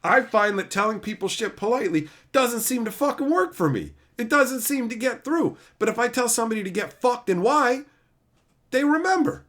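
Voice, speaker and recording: A man's voice: very high voice, expressive, normal speed, fairly bright tone. A man streaming, chatting casually and reading viewer comments, with a blunt, profane, heated way of ranting. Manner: reads viewer comments aloud. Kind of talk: casual livestream chat.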